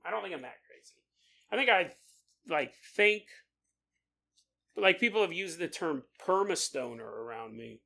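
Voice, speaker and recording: A male podcast host on a livestream, chatting casually and telling stories with frequent laughter. His voice is bright and his pitch swings widely as he gets into his tales. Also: normal speed, vocal fry, long pauses. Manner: animated storyteller, laughs often mid-sentence. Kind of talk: casual livestream chat, reading listener comments.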